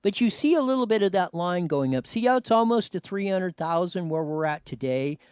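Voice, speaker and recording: A man's voice: high voice, a little fast, clear, resonant tone, dry recording. A man hosting a news show, commenting on a clip and giving cues to his producer. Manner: animated, talks to his producer, many restarts.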